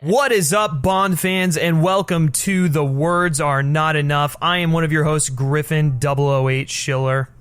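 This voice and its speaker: A man's voice: fairly high pitch, fairly even intonation, a little slow, hardly any pauses, fairly bright tone, clean tone, no echo. A young man co-hosting a podcast in casual chat, chatty and laughing easily, with many fillers. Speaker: podcast co-host.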